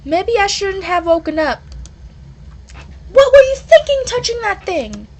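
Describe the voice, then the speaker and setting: Exasperated young woman played by a woman reader, shrill and loud, pitched very high. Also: moderate pace, slight background noise.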